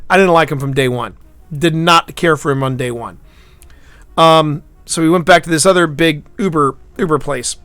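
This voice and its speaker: A man's voice: on the high side, no echo. Rambling man chatting to his stream. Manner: rambling storyteller, halting restarts, swings from loud to hushed. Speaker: livestream host. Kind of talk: casual chat to a live stream audience.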